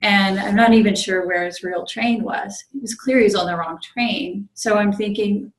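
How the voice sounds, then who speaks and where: This Zen priest has a mid-range voice and a moderate pace with few pauses, captured on poor audio. In a meditation group room, she delivers a conversational dharma talk built around a personal story, often saying um and starting over.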